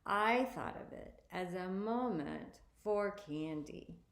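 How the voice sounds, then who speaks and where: A woman reading a children's spooky story aloud, expressively, often lifting her pitch for emphasis. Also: animated, takes it slowly, reverberant. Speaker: story reader.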